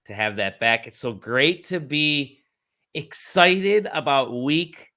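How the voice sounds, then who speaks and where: A man's voice: medium pitch, expressive, takes it slowly, pushed and bright. A man hosting a podcast, chatting casually and cheerfully chiming in as the others talk. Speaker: podcast host. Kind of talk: casual chat.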